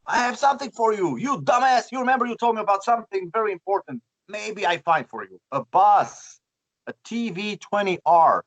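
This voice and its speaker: A man with a Romanian accent voicing an excited male friend who shouts urgent news down the phone. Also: high-pitched, slow pace, hardly any pauses, slightly rough, dry recording, pitched above the performer's own voice, exaggerated voice.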